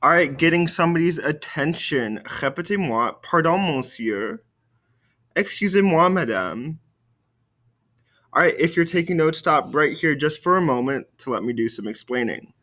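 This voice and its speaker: Male teacher voice, video lesson: steady explaining, slow drilled French phrases to repeat. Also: on the high side. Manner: upbeat classroom explaining.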